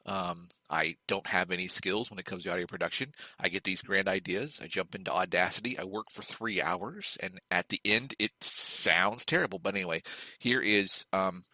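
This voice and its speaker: A man co-hosting a podcast in casual chat, with a low voice and a tense, bright edge. He talks in an animated, chatty way, hopping from thought to thought. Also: normal speed, no echo, rough recording. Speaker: podcast co-host.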